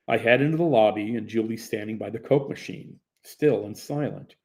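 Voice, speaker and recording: A man's voice: lowish voice, moderate pace, few pauses. A young man narrating a first-person audiobook in a plain, conversational storytelling manner.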